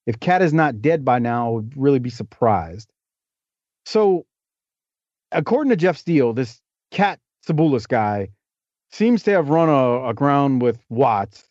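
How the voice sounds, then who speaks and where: A man's voice: medium pitch, big pitch swings, measured pace, darkish tone, no echo. A man talking as a podcast guest, telling wrestling stories in a loose, chatty, joking way. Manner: talkative, storytelling, jokey asides. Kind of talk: casual interview chat. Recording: dull lo-fi dry podcast audio.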